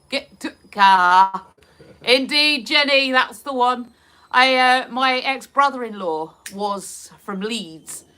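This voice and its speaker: This woman hosts a live stream from Hertfordshire, England, casually reading viewer comments aloud and giggling in a Hertfordshire English accent. She speaks slowly in a slightly high, animated voice that sounds pushed and bright.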